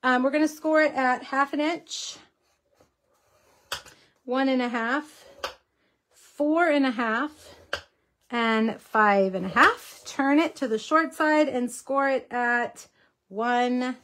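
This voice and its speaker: A woman's voice: high-pitched, slow pace, pauses often, a bit bright. A woman hosting a casual craft tutorial livestream, chatting with viewers as she works, with a slight cough. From Texas. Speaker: host.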